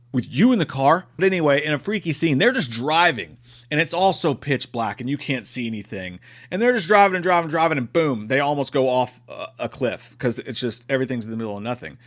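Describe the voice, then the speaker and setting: A male movie reviewer who talks with a slightly high voice that swings up and down. He swears freely and exclaims often in a casual, worked-up retelling. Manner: profane, animated, exclamatory.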